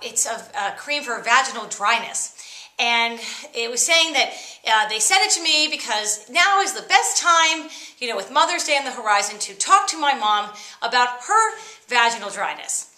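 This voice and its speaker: Middle-aged woman, comic vlogger; sharp bright tone, sarcastic with shrill outbursts. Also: moderate pace, reverberant. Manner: sarcastic, bursts into shrill mock excitement. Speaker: comedy vlogger. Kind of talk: comic monologue to camera.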